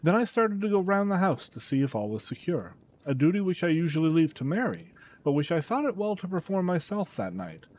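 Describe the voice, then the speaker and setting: A man narrating a classic detective story as an audiobook, dramatic and expressive. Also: on the high side, fairly quick, few pauses.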